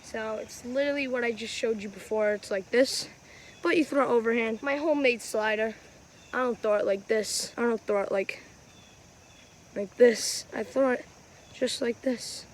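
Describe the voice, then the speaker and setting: This woman's voice is on the high side and moves at a normal speed as she hosts a chatty how-to vlog outdoors in the wind. A wiffleball player and channel host, she rambles and corrects herself, captured on a phone camera in a rough recording.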